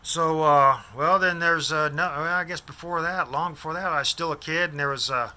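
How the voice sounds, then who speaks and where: A man in his fifties tells a meandering personal story, trailing off and circling back mid-sentence. His voice is fairly high and has a piercing, edgy brightness. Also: moderate pace. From Des Moines, Iowa. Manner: rambling, loses names, restarts sentences. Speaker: vlogger.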